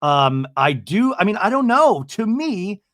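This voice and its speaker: In a dry, clean studio recording, a man with a high-pitched voice hosts a podcast and recaps a TV episode, speaking a little slowly. He's casual, comedic and animated, chatting away with lots of asides and frequent "like."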